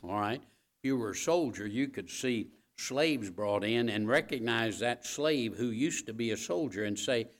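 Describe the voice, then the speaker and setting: A male preacher delivering a sermon at a middling pitch, speaking straight to the congregation. He repeats his key phrases for weight, checks in with the listeners, and swells to loud, forceful peaks on his main points. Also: unhurried. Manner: talks straight to the congregation with asides like "all right?".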